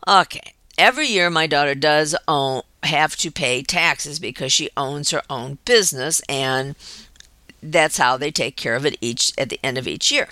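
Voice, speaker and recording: An older woman hosting her own show, chatting through a personal story in an animated, storytelling way. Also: low-pitched, moderate pace, no echo. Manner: chatty, animated storyteller acting out quoted voices. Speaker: show host.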